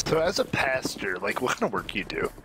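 A man's voice: mid-range voice, very animated, fast. A man on an online game voice chat, chatting enthusiastically with his teammates and asking them lots of questions. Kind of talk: casual gaming voice chat. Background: loud music.

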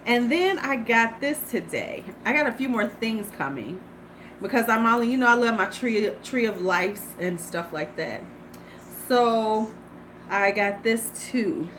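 A woman's voice: fairly high pitch, a little slow, fairly bright tone, poor audio. A middle-aged woman chatting casually and profanely to viewers on a beauty livestream from her porch. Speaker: beauty vlogger. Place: home porch. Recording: faint ambient noise.

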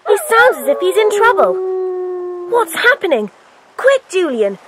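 A woman's voice: very high voice, big pitch swings, measured pace, heavy background noise, full character voice. George, a bold headstrong girl. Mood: urgent excited. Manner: eager and commanding. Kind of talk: dramatized audiobook acting.

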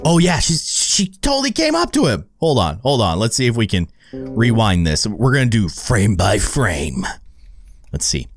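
Casting note: man, gaming YouTuber, lively swooping voice, exclaiming reactions, faint game music behind. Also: mid-range voice. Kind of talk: let's play commentary.

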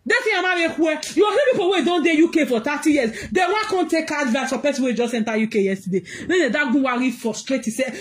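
High-pitched Nigerian woman ranting. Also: lively intonation, quick pace, hardly any pauses. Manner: laughs through her words, shouts out bursts; mixes pidgin and English, scolding. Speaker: social media commentator. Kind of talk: ranting vlog commentary.

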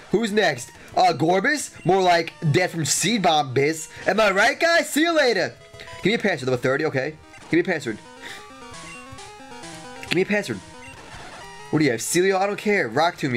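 Excitable man with a lively voice. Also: fairly high pitch. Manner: excitable, jokey, exclaims and repeats himself. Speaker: let's play host. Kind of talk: gameplay commentary.

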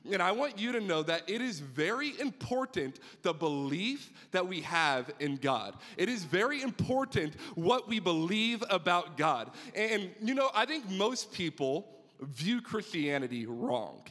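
A young man preaching a youth sermon, telling a personal story with rising excitement and frequent restarts. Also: sits high, measured pace, big-room sound. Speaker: youth pastor.

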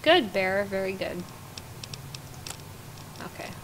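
A woman's voice: medium pitch, animated, takes it slowly, fairly bright tone, slight background noise. A woman streaming a game live, chatting casually, laughing hard and piling on praise. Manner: giggly, bursts into laughter; effusive, repeats praise.

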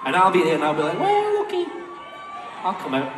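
A man's voice: on the high side, rapid-fire. A man in his twenties bantering with a live audience between songs, cheeky, rambling, self-mocking and swearing freely. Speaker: singer on stage. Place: large indoor concert hall. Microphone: stage microphone. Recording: echoey hall with loud crowd noise.

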